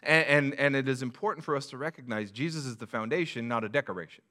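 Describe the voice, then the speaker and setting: A male pastor delivers a sermon with a bright, forceful edge to his voice. He talks to the congregation conversationally, asking rhetorical questions and sometimes restarting a phrase. His pitch sits at an ordinary middle level for a man. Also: fast. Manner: conversational preaching with repeated restarts.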